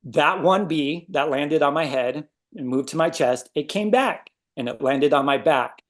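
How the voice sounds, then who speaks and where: A man shares a personal story in a loose, casual way. His voice sits a bit high for a man, and he acts out his own reactions with plenty of animation. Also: unhurried. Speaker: guest sharing a story.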